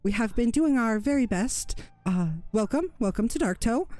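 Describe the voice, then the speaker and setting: A small goblin woman chatters in a high, breathless voice, fretting and hurrying to welcome visitors, as a game master puts her on. She sounds flustered and eager in this tabletop fantasy game. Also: animated, moderate pace, a little mellow, no room sound, faint music behind, lightly acted.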